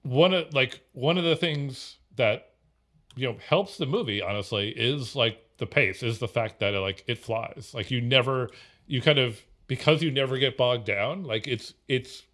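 A man's voice: medium pitch, normal speed, fairly bright tone. Guy rambling casually about an old film, lots of likes and ums. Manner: rambling, full of fillers and restarts. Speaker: podcast co-host.

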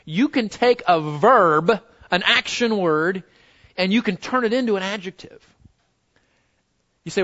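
The audio is dull as a high-pitched man with a slightly bright voice gives a conversational Bible lesson. He repeats words often and slows down to emphasize key phrases.

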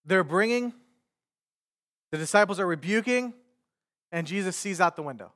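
Male pastor, higher voice, casual conversational sermon delivery. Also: lively intonation, normal speed, long pauses, a bit bright. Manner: conversational preaching with paraphrased quotes.

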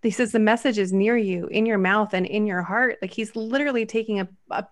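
A woman's voice: medium pitch, fairly quick. A woman co-hosting a casual Bible discussion podcast, talking eagerly and running on as she reads passages aloud. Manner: animated, quotes scripture at length, runs on excitedly. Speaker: podcast co-host.

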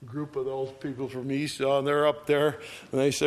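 A man with a mid-range voice and little pitch movement preaches a verse-by-verse sermon in casual, homespun speech. He checks in with "all right?" and reads the scripture louder and faster than his own comments.

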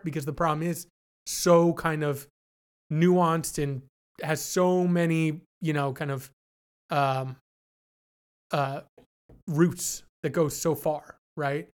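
A man co-hosting a podcast, talking things through in a thoughtful, hedging way with many restarts. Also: on the high side. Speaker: podcast co-host. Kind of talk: casual discussion.

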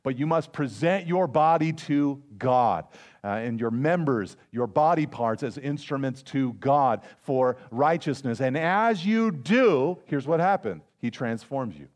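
A man preaching a sermon as a pastor, in a conversational way, mixing family stories with scripture and slowing down to stress key phrases. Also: medium pitch, animated, a little mellow.

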